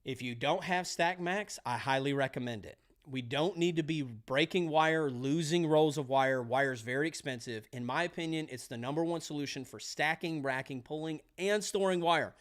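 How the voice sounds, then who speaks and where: A man coaching electricians for their exam, energetic and pep-talking, repeating key phrases. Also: a little high, moderate pace, hardly any pauses. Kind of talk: motivational trade lesson.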